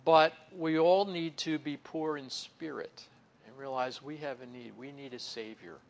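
A man delivering an easygoing, conversational sermon, his voice sitting a touch high. He keeps saying "you know", draws out important words slowly for weight, then lets lines fall quiet and soft. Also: steady tone. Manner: folksy, fills pauses with "you know"; stretches key words slowly for emphasis, then drops soft. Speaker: pastor or Bible teacher.

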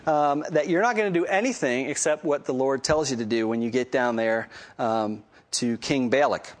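A man's voice: mid-range voice, normal speed, close to an everyday voice. A man voicing a stern male angel who gives a firm reminder, quoted while retelling a Bible story.

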